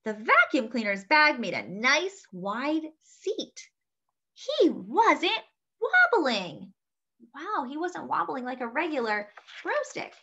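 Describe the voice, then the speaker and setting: A woman reading a children's picture book aloud, lively, often turning to ask her young listeners questions. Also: high-pitched, a little slow. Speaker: children's story reader. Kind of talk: read-aloud storytelling for children. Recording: dull lo-fi sound.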